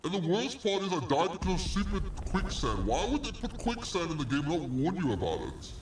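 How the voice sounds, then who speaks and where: A man's voice: sits high, big pitch swings, brisk, slight background noise. A man streaming a game, ranting in exasperation and swearing at what happens on screen. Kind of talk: live gameplay commentary.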